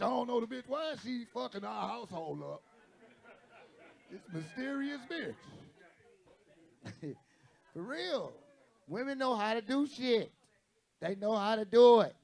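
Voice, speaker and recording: A brash stand-up comedian, a man with a high, gravelly voice. He swears freely and acts out the people in his stories on a comedy stage, speaking into a handheld mic. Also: a little mellow. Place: comedy stage with live audience.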